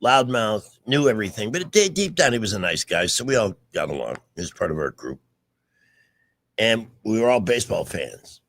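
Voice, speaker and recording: A man's voice: on the low side, big pitch swings, moderate pace, a bit bright. A man in his sixties hosting a casual radio chat show, telling rambling stories with restarts.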